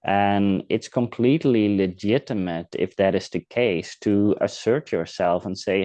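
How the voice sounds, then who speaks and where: Calm low-voiced man giving advice. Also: unhurried, hardly any pauses, dry recording. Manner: calm, reflective, acts out example dialogue. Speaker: podcast host giving advice. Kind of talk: casual advice talk.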